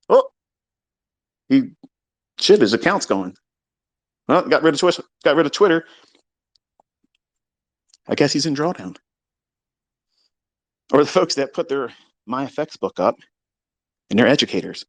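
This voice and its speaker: A man hosting a live audio room, ranting in a casual, heated way. He is profane, taunting and boastful, and he swings between loud outbursts and low mutters. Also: very animated, measured pace, pauses often, no echo.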